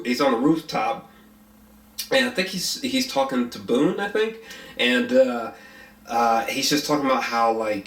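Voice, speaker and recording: A man's voice: mid-range voice, a bit bright. Rambling man reviewing a film, roomy sound. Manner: rambling, frequent fillers and restarts, blunt with profanity. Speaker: movie reviewer. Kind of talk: casual spoken film review. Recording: roomy echo.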